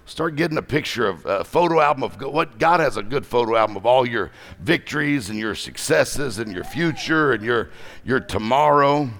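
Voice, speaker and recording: A middle-aged man preaching a lively conference sermon, joking and exhorting the crowd. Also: medium pitch, moderate pace, creaky.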